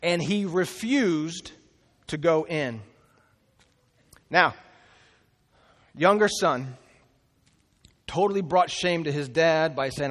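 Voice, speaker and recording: Male pastor, high voice, animated storyteller, acts out the characters; recorded in a church hall with long reverb. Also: slow pace, long pauses. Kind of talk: sermon.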